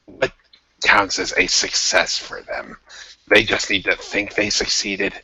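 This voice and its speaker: Low bright-voiced male player. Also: flat delivery, measured pace, slight background noise, low-quality recording. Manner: loose, hesitant, describing actions. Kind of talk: casual tabletop play.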